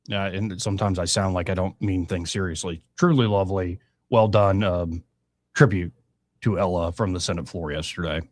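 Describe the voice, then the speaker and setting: A man's voice: low-pitched, dry recording. A man, hosting a casual political talk show and cracking blunt jokes between news items. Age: 30s. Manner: wisecracking, blunt, lots of fillers. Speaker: radio talk show host.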